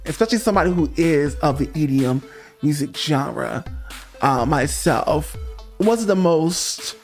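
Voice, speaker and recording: A man with a fairly high voice hosts a pop music review, talking straight to the camera. He is sassy and emphatic. Soft music plays faintly behind him. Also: expressive, a little slow. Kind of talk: casual opinionated monologue.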